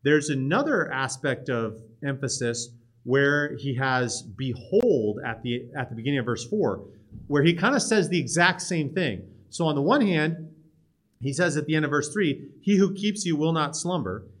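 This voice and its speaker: Man teaching scripture in a lively way. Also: medium pitch, normal speed. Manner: lively and emphatic, with many restarts and asides. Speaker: Bible teacher. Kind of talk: casual teaching talk on a psalm.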